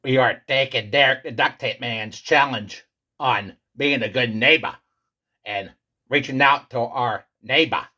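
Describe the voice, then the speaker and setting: A man voicing a boastful male pizza character with a husky, gravelly voice in a comedy skit. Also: unhurried, pushed and bright. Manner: booming, theatrical, insistent. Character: boastful male pizza character, self-styled great one.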